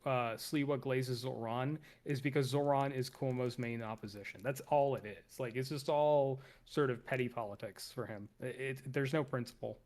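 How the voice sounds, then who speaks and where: A man's voice: medium pitch, moderate pace, hardly any pauses, a little mellow. A man hosting a live stream, chatting loosely and wryly while reacting to a debate. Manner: loose, rambling, wry. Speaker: streamer host. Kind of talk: casual live-stream commentary.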